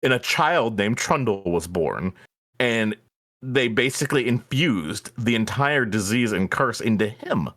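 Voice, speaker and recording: A man streaming live, chatting casually and ranting in an animated way, with plenty of swearing. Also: on the low side, a little slow. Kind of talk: casual chat.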